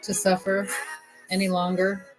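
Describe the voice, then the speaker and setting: A middle-aged woman on a casual livestream, gently and sympathetically chatting with viewers while thinking aloud through many pauses. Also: mid-range voice, completely flat delivery, music in the background. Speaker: livestreamer taking song requests. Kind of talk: casual live-stream chat.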